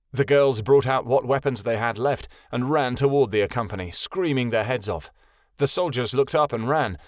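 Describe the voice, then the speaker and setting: A man reading a fantasy novel aloud as audiobook narrator, with a steady storytelling delivery. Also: mid-range voice, no echo, studio quality. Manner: steady storytelling, voices every character.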